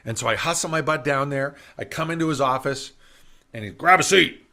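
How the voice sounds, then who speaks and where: A middle-aged man, a business speaker, telling a story in a summit talk in an animated way and acting out the voices he quotes. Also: mid-range voice, brisk. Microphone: video call.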